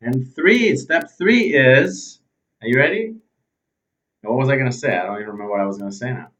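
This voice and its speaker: A man hosting a motivational self-help video, talking straight to his viewers in an animated way, losing his thread now and then and swinging between loud and quiet. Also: medium pitch, fairly quick. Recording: slightly distant, dull sound.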